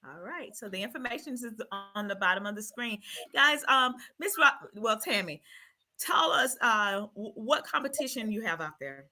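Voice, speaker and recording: A woman's voice: on the high side, lively intonation, moderate pace, sharp tone. A woman hosting an interview, encouraging her guest with frequent short prompts. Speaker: interview host.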